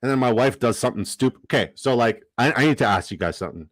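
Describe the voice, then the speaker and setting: Young male streamer, excitable and profane, chatty asides, dry recording. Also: mid-range voice, fast talker, no room sound. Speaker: livestream host. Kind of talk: casual livestream chat.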